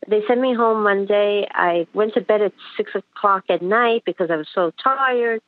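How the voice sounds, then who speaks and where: A woman's voice: mid-range voice, no echo. A woman calls in to a show, stopping and restarting as she searches for her words. She comes through a thin, tinny phone line with a dry sound. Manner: halting, hesitant, many fillers. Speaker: caller. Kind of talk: phone call to a radio show.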